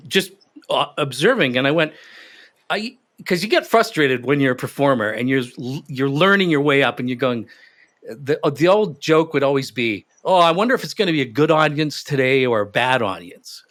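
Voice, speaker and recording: A man in an interview, telling stories in an animated, emphatic way. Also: medium pitch. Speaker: guest expert. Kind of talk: interview conversation.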